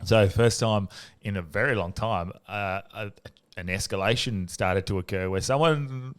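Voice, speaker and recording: An Australian man hosts a casual podcast, his voice sitting fairly low. He rambles through a story, hesitating and restarting as he goes. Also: measured pace. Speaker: podcast host.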